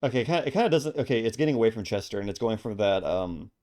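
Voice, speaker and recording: A man co-hosting a live art stream, chatting casually and excitably, often laughing and saying dude. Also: lowish voice, racing. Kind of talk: casual chat.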